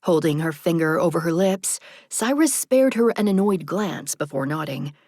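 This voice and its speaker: A woman narrating an audiobook in a soft, measured storytelling manner. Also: lowish voice, animated, no echo, clean studio sound.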